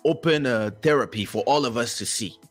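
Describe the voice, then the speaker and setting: A man hosting a casual talk show, telling stories in an animated way and acting out quotes, with a French-speaking background. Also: medium pitch, brisk, soft background music. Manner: animated storyteller, acts out quotes. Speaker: host.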